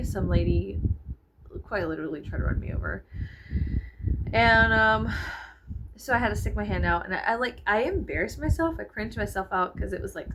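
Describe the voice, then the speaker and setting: A woman vlogger with a mid-range voice chats casually from her bedroom under a ceiling fan, recorded on the camera's own mic with no clip-on and a noisy background. She rambles and meanders, says "like" constantly, and laughs often.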